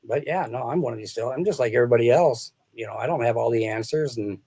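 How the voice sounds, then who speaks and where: A man's voice: mid-range voice, fast, dark tone, breathy edge. A man who is a sales author, a guest in a casual interview, telling stories in a rambling way, often laughing and restarting his sentences. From small-town American Midwest.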